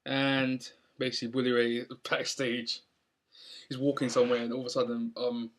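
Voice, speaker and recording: A man's voice: mid-range voice, level tone, normal speed, fairly bright tone, slight background noise. Rambling young guy. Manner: rambling, many ums and restarts. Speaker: wrestling show reviewer. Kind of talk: casual recap.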